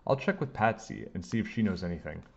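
A man voicing a brisk, businesslike woman film assistant. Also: low voice, expressive, creaky, muffled recording, heavily acted.

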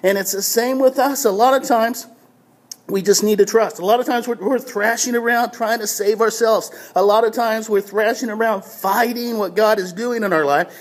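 Pastor type, high voice, casual anecdotal devotional, stumbling restarts, self-deprecating humor. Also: male voice, steady tone, moderate pace. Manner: casual storytelling with repeated restarts. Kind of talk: short devotional talk.

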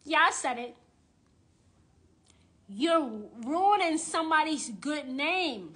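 Woman, witch and tarot reader, high and bright voice, blunt, profane livestream rant. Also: animated, unhurried. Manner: repeats phrases for emphasis. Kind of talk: live-streamed rant.

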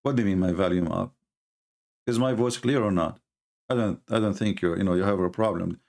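Low-pitched and brisk with a darkish tone, a male livestream host scoffs and mocks his way through religious debate talk, speaking English with non-native grammar.

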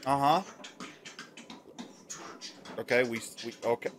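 A man's voice: mid-range voice, fairly even intonation, takes it slowly, background noise. A young man doing casual reaction commentary on his old videos, joking and mocking himself in loose, cussing talk. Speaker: content creator.

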